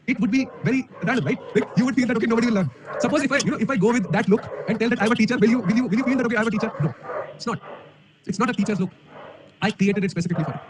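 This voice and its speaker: Fast, high-voiced Indian English man. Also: background noise. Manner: energetic, emphatic, rhetorical questions. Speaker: online coding teacher. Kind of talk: live-stream talk to an audience. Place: room alone. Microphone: camera mic.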